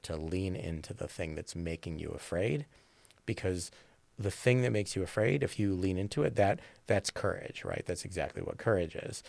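This improv teacher has a low-pitched voice with vocal fry, a little mellow, captured in a dry recording. Speaking in a conversational interview, he is thoughtful and rambling, with fillers and repeated "right?" check-ins.

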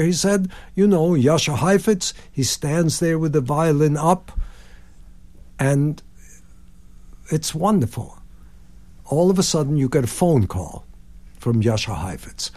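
This nonagenarian composer, interviewed on radio, tells vivid anecdotes, singing snippets and impersonating the people he quotes. His voice runs on the high side and his delivery is unhurried.

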